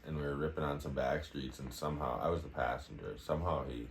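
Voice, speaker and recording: A man's voice: rumbling low, fairly even intonation, fast, slight background noise. A man co-hosting a podcast, telling a story in a laid-back way. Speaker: podcast co-host. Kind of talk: casual chat.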